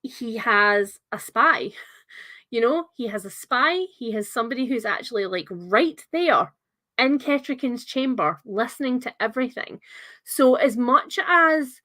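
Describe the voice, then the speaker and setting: A woman's voice: a little high, animated, measured pace, bright, forceful tone. A young woman hosting a livestreamed book club discussion, talking in a chatty, enthusiastic way with lots of filler words.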